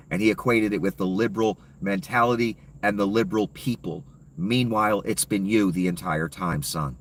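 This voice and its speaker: A man's voice: sits low, a bit bright, far from the mic, slight background noise. A man delivering a heated, profane, sarcastic political rant as a commentator.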